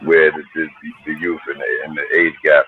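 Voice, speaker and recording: A man's voice: a bass voice, flat delivery, fairly quick, narrow, tinny audio, slight background noise. A middle-aged man from New Jersey, a hip hop artist telling stories in a laid-back, slangy, profane way. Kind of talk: casual storytelling interview.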